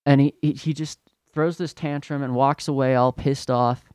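A man's voice: medium pitch, fairly even intonation, normal speed, darkish tone, clean tone, no room sound, studio quality. A young man hosting a podcast, telling a story in a profane, exasperated rant. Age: young adult. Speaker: podcast host. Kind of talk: ranting storytelling monologue.

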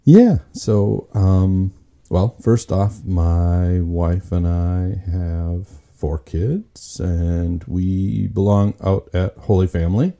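A man being interviewed as a guest on a podcast, relaxed and plainspoken. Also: low-pitched, very slow, vocal fry. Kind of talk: casual interview.

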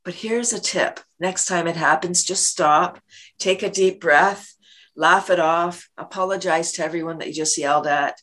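Woman guest, lower voice, laughs a lot, acts out quick scenes, enthusiastic interview talk. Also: fairly bright tone. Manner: laughs often, acts out little quoted scenes. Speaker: guest, laughter yoga leader and worm business owner.

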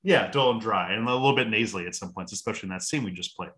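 A man co-hosting a podcast in casual chat about a film. His low voice has a bright, forceful edge, and he gets excitable, swearing and laughing often. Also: very fast. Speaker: podcast co-host.

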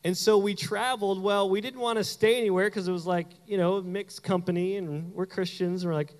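A man from Canada preaching a sermon, telling a personal story with animated delivery and acted-out quotes. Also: high-pitched, a little fast, few pauses, in a large hall. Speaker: pastor.

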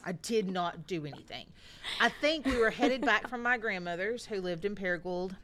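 A woman, co-hosting a podcast and telling a story slowly and deliberately, repeating points for emphasis. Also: mid-range voice, lively intonation, a bit bright. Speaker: podcast co-host. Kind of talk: casual storytelling chat.

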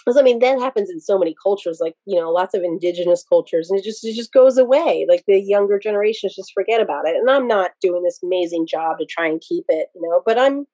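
A woman's voice: medium pitch, lively intonation, fast, few pauses, warm tone, no room sound, rough recording. A woman from Pennsylvania, a podcast guest, telling casual stories in a rambling, digressive way with many restarts. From Pennsylvania, USA. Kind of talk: casual interview storytelling.

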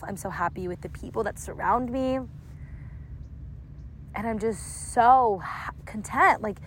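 A woman's voice: mid-range voice, slight background noise. A woman in her early twenties hosting a casual solo podcast, chatty and affectionate with lots of filler likes, recorded outdoors on a seaside lawn. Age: early 20s. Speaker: podcast host.

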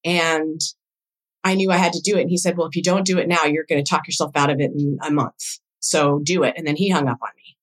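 A woman guest on a podcast, a doula coach, telling a personal story in casual conversation with emotional, animated quoted dialogue. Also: low-pitched, fast, rough recording.

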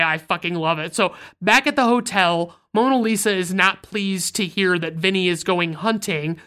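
A woman's voice: medium pitch, pushed and bright, clear, resonant tone. A woman recapping a film in casual talk, blunt and heavy on swearing. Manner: blunt, profanity-laden storytelling. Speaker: film reviewer.

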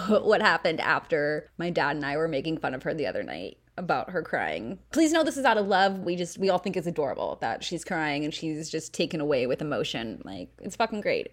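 A young woman chats on her own podcast in a somewhat low voice. She rambles, pokes fun at herself, laughs often and swears freely. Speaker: podcast host. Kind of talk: casual solo podcast chat.

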